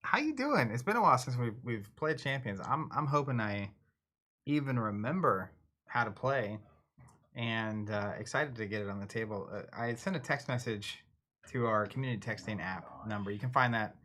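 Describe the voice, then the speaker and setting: A man's voice: mid-range voice, animated, moderate pace, bright, forceful tone. A man co-hosting a casual tabletop game stream, chatting and speculating at length. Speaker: co-host. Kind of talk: casual chat.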